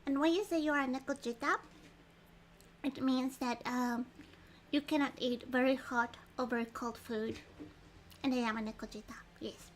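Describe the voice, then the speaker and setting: A woman's voice: high voice, fairly even intonation, moderate pace, a little hiss or hum. A woman livestreaming a story game, chatting casually with lots of ums and reading the text aloud. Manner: chatty, giggly, frequent ums. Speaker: streamer playing a story game.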